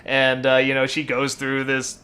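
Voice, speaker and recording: A man in his thirties hosts a web show, speaking to camera unscripted in a mid-range, monotone, bright voice that is unhurried yet forceful. He rambles loosely, full of fillers and self-corrections, getting worked up over small things.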